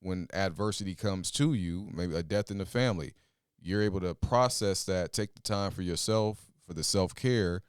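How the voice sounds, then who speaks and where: A man co-hosting a podcast, talking earnestly and giving advice, with frequent pauses and fillers. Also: low voice, clear, resonant tone, no echo, studio quality. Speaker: podcast co-host, father. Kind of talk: casual advice talk.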